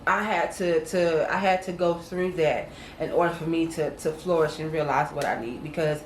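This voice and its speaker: Casting note: lower-voiced woman, earnest storyteller, echoey room with a faint hiss. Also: steady tone, moderate pace. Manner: earnest storytelling, acts out quoted voices, addresses viewers as y'all. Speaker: co-host. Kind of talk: casual testimony chat.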